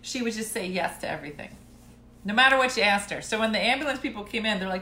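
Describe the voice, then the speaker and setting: A middle-aged woman telling family stories in a casual chat to viewers, laughing and clearing her throat now and then. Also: mid-range voice, expressive, fast talker, sharp tone, echoey room, slight background noise.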